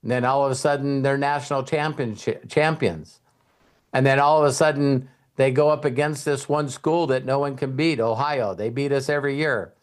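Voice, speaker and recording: A man's voice: medium pitch, steady tone, moderate pace. A middle-aged man hosting a motivational talk, telling stories and acting out quoted voices with some casual swearing. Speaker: host and mentor.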